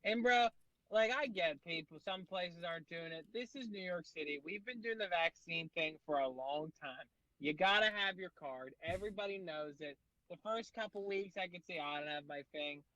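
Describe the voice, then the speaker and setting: A man with a fairly high voice tells rambling, animated stories on a podcast, packed with fillers and curse words. The sound is dull and lo-fi, and the room is dry and close. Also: normal speed, few pauses, no echo. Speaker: guest comedian. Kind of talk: casual storytelling chat.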